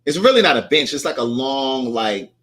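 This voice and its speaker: A man's voice: mid-range voice, sing-song, moderate pace, fairly bright tone. A young man hosting a casual live chat, telling a story and acting out the lines people said. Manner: chatty storyteller, acts out quoted lines. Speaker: host.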